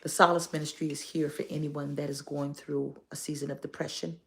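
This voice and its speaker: A woman's voice: deep voice, flat delivery, a little fast. A woman pastor, giving playful, exhorting church announcements on a phone live stream and dropping into whispers now and then.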